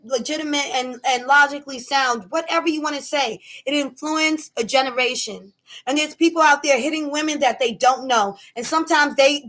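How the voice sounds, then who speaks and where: A woman rants to camera as she tells a story. Her voice sits high and bright, and she talks with strong emphasis and acts out the scene. Her delivery is casual and animated. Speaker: vlogger.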